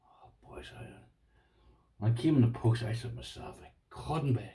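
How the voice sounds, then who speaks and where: A man's voice: mid-range voice, normal speed, mellow, in a whisper, far from the mic. A man with an Irish accent chatting casually on his vlog, gushing and repeating himself as he talks to his viewers. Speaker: lockpicking vlogger. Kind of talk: casual excited unboxing chat.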